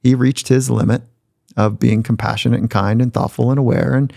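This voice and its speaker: Man, low gravelly voice, mellow tone, reflective storyteller, dry close mic. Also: level tone, brisk, dry recording. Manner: reflective, acts out quoted voices. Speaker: guest. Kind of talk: conversational storytelling. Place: podcast studio.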